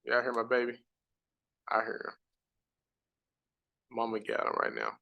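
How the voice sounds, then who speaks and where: A man's voice: mid-range voice, sing-song, unhurried, vocal fry, bright, forceful tone. A man teaching a casual live-stream lesson, reading slides aloud and repeating key points emphatically to his viewers. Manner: casual, chatty asides to the audience. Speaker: credit repair educator.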